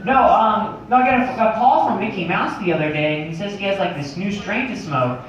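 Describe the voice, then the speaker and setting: A man's voice: high voice, fairly quick, lo-fi sound, slight background noise. A man telling a rambling comic story, swearing and laughing at his own jokes. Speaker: comedian. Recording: echoey room, distant mic.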